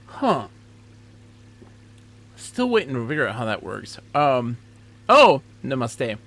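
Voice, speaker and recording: A man's voice: medium pitch, huge pitch swings, slow, creaky, a bit bright. A man commenting live on his gameplay, thinking aloud and chatting with a fellow player. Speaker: game streamer.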